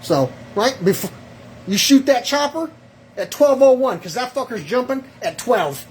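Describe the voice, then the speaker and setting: A man's voice: extremely high pitch, animated, moderate pace, darkish tone, breathy edge. A man calling in to a radio show with a rambling, agitated, profane rant that jumps between thoughts and acts out little exchanges. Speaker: caller.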